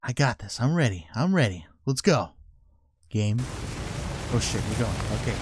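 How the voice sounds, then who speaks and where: A man's voice: medium pitch, very animated, normal speed, very noisy. A man giving casual let's-play commentary who swears constantly and talks to his sled dogs and to the game. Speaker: gaming channel host.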